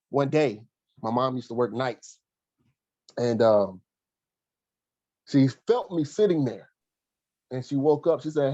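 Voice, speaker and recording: Earnest male interviewee, halting delivery with fillers, medium pitch, dry slightly muffled sound. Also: a little mellow, no room sound. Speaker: guest, former college athlete and coach. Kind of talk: reflective interview storytelling.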